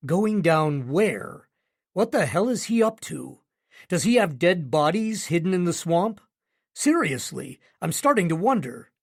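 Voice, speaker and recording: A man's voice: high-pitched, big pitch swings, measured pace. A man narrating a romance audiobook in the first person with a wry, sardonic delivery.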